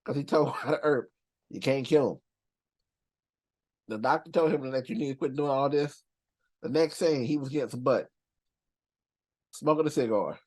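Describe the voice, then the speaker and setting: A man's voice: medium pitch, normal speed, darkish tone. A man hosting a movie reaction channel, counting down characters in casual, profane slang and laughing often.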